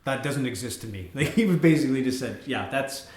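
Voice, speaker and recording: A man's voice: mid-range voice, a little fast. A man chatting loosely on a film podcast, rambling and hesitant with many fillers. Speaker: podcast co-host. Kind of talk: casual film review chat. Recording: echoey room.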